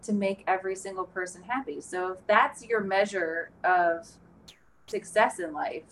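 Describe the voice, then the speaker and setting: A woman's voice: medium pitch, moderate pace, a bit bright. A woman therapist co-hosting a podcast, talking frankly and bluntly in casual chat, swearing now and then. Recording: distant mic with faint background noise.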